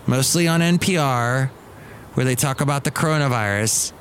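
A middle-aged podcast host rambles through a casual comic monologue, full of restarts and asides. His voice is mid-range, and the recording has a little hiss or hum.

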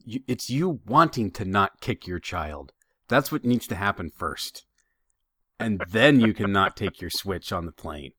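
A man in casual chat, teasing his co-host with quick jokes. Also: on the low side, animated, pushed and bright, slightly rough, no echo, clean studio sound.

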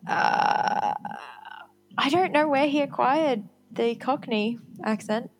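A woman's voice: high-pitched, slow. A woman co-hosting a podcast in casual chat, candid and self-deprecating, laughing often. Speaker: podcast co-host.

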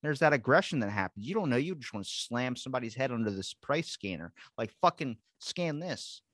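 Male podcast host, mid-pitched, dry close sound, profane storyteller. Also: a little fast, no room sound. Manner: animated storyteller, swears constantly, acts out quotes. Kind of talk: casual chat.

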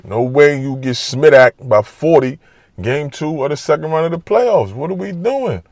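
A man giving a casual, animated, trash-talking basketball monologue full of slang. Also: fairly high pitch, normal speed, no room sound, studio quality. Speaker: basketball commentator. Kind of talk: casual sports talk monologue.

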